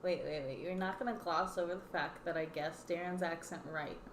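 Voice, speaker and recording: A woman's voice: lowish voice, steady tone, a little fast, slight background noise. A woman co-hosting a casual livestream, chatty and teasing, asking lots of questions. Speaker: livestream co-host.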